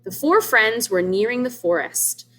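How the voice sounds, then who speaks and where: A woman's voice: on the high side, lively intonation, unhurried, a bit bright. A woman reading a storybook aloud to young children as a teacher, stopping to explain words and ask them questions. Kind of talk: children's read-aloud lesson.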